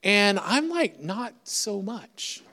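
A middle-aged preacher spins a personal story with a chatty, self-deprecating humor, his voice sitting a bit high for a man. The sound rings with a long hall reverb. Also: big pitch swings, takes it slowly, bright, forceful tone. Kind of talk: storytelling sermon.

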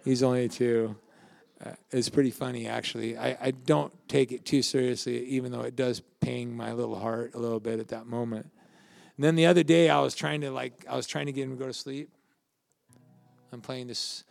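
Older male pastor, gravelly, preaches casually and asks the room questions. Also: medium pitch, level tone, fairly quick, a little mellow, no room sound. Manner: conversational, anecdotal, asks the audience questions. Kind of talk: sermon.

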